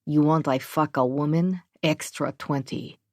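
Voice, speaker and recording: A woman's voice: deep voice, steady tone, a little slow, darkish tone, no echo, studio quality. A woman putting on a throaty Eastern European temptress. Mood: mocking. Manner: throaty, mocking, broken English. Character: haughty Eastern European woman sex worker, about thirty.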